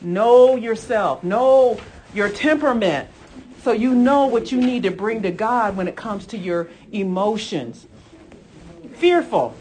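Lively laughing woman preacher. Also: a little high, a little hiss or hum. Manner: lively, laughing, addresses congregation as folks and honey. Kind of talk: sermon.

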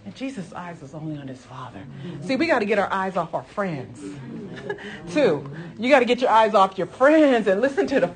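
A woman preacher giving a conversational sermon, retelling scripture with animated storytelling, repeated phrases and emphatic exhortations to her listeners. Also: medium pitch, normal speed, crowd noise.

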